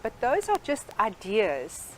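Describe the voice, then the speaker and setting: A woman with a somewhat high voice explains her approach in an earnest, patient way, leaning on homely sayings. A faint hiss of noise sits under the voice. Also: huge pitch swings, takes it slowly, poor audio. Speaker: guest life coach. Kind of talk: interview.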